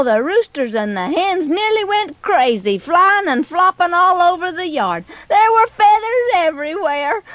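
A woman narrating a scripted children's story in an expressive, animated way. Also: very high voice, dry recording, muffled recording.

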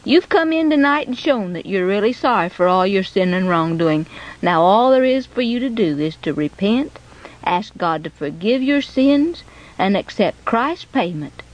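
A woman voicing an earnest, caring father who speaks quietly but firmly and preaches to his son. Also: medium pitch, animated, moderate pace, dull audio, close to an everyday voice.

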